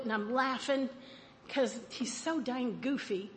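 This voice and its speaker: A woman tells a personal story at a recovery meeting, animated and quick to laugh at herself. Her voice sits high. A long hall reverb trails each phrase over a faint background hum. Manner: animated, self-mocking, laughs often.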